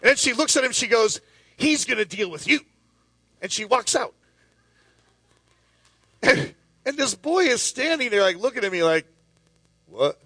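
A man's voice: very high voice, expressive, moderate pace, pauses often, pushed and bright, no room sound. A middle-aged male pastor preaching a sermon, telling stories with many restarts and asides. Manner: storytelling with lots of restarts and asides.

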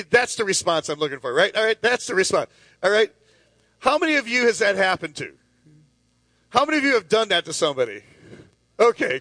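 A man's voice: sits high, fairly bright tone, no room sound. A middle-aged male pastor preaching a sermon, telling stories with many restarts and asides. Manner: storytelling with lots of restarts and asides.

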